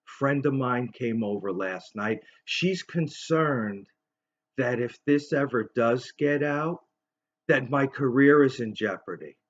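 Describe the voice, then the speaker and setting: A vlogger in his fifties takes his time with a long, rambling story told as a casual monologue. His voice sits in the mid-range, he mimics other people as he goes, and the recording sounds dull and lo-fi.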